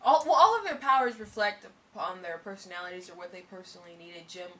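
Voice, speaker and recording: A young woman co-hosting a casual TV review chat, talking in an animated way with many fillers and restarts. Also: mid-range voice, fast talker. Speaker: co-host of a TV review show.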